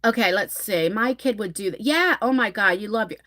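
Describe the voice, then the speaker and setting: A woman's voice: medium pitch, animated, fairly quick, pushed and bright. A woman in her forties chatting on a live stream, reading comments and telling stories dramatically, swearing casually. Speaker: livestream host.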